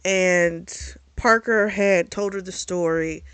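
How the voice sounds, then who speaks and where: Bright-voiced woman casually recapping a book. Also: lowish voice, takes it slowly, smooth, no echo. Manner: animated retelling full of fillers and swearing. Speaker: book reviewer.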